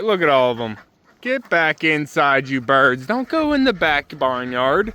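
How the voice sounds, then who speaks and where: A man with a somewhat high voice talks casually outdoors on a farm. He coaxes and calls to his ducks and dog as he rounds them up, like a homestead vlogger. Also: sing-song, measured pace, bright, forceful tone, smooth. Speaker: homesteader and channel host. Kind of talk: casual vlog narration.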